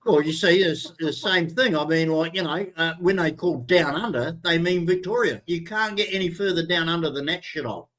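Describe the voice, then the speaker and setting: Older Kiwi man, high-set voice, blunt, profane co-host of a casual chat. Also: a little fast, hardly any pauses, fairly bright tone, poor audio. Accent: New Zealand. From New Zealand. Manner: blunt, swearing, heated rant. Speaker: show co-host.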